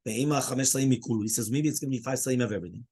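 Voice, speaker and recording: A man teaching a Talmud class, animated and full of "okay?" and "right?", mixing Hebrew and Aramaic terms into English. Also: medium pitch, very fast, husky.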